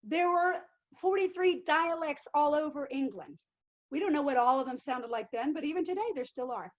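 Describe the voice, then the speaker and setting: A middle-aged woman, a living history actress, answering interview questions in an animated way and acting out quotes. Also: sits high, a little fast. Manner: animated, acts out quotes and accents.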